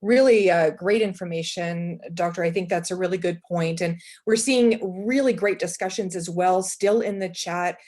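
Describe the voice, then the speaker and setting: A woman's voice: fairly low pitch, moderate pace, hardly any pauses, darkish tone. A woman co-hosting a panel who introduces speakers and thanks them in an upbeat, polished way. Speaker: co-host.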